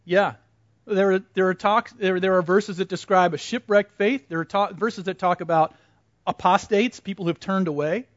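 A man leads a Bible class in a relaxed, conversational way, asking the group questions and echoing back what they answer. His voice sits fairly high. The recording is dull and muffled, with a dry, close sound. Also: moderate pace. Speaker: Bible study teacher. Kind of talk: interactive Bible class teaching.

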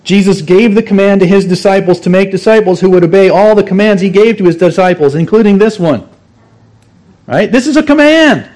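A man's voice: high voice, a little fast, a little mellow. A man preaching a sermon, teaching earnestly and stressing key phrases through repetition. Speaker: pastor.

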